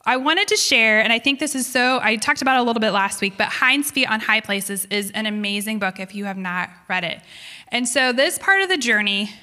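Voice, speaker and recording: A woman's voice: a little high, animated, fairly quick, bright, forceful tone, big-room sound. A woman giving a conversational sermon into a handheld mic, often checking in with the listeners with a rhetorical "right?". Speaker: speaker at a faith gathering. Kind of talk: sermon with a book reading. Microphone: handheld microphone.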